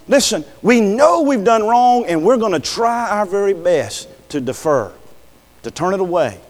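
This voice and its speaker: Male preacher, slightly high voice, folksy sermon with plenty of "Amen" and rhetorical questions, long hall reverb.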